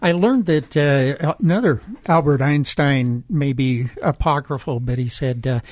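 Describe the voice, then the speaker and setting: A man's voice: medium pitch, a little slow, a little mellow, no echo. An older man, a guest on a radio show, chatting casually with dry, understated humor.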